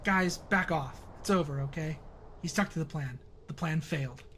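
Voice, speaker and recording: A man reading the lines of a gruff older male rebel leader in his own game, blunt and scolding. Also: a little high, normal speed, fairly bright tone, slight background noise, close to an everyday voice. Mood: firm.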